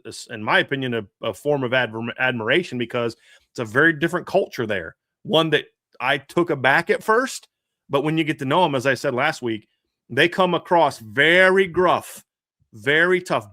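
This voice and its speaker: A man's voice: fairly high pitch, pushed and bright, no echo, studio quality. A man from the American South chatting casually as a sports podcast co-host, rambling with frequent restarts. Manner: rambling, restarts, laughs often.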